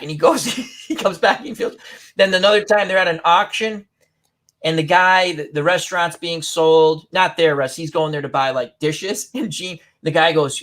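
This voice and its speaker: A man's voice: fairly high pitch, normal speed, a bit bright. A man hosting a casual online chat, rambling through funny stories with lots of giggles. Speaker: host.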